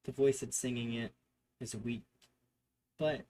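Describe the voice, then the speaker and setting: Slow-talking male game master. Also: medium pitch, fairly even intonation, mellow. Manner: improvised description with fillers and self-corrections. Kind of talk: narrating a tabletop game.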